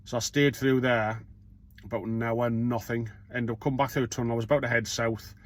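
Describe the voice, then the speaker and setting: A man's voice: mid-range voice, level tone, brisk. A middle-aged man, a self-employed courier talking casually in a rambling vlog monologue, blunt and swearing freely.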